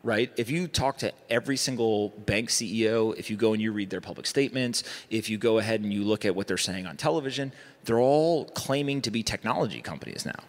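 On a conference stage in a large hall, a guest investor with a lowish voice speaks briskly during a panel discussion. He talks emphatically, adding rhetorical asides.

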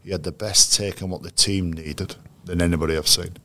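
Male coach, very deep voice, measured storyteller, lots of restarts. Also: steady tone, creaky, bright, forceful tone, slight background noise. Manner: anecdotal, measured, with frequent restarts. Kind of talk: interview storytelling.

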